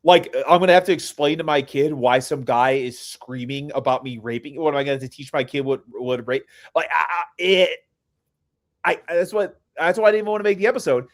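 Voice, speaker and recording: A man's voice: fairly high pitch, fairly quick. A man hosting a podcast in casual chat, getting heated and stammering over his words when angry. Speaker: podcast host.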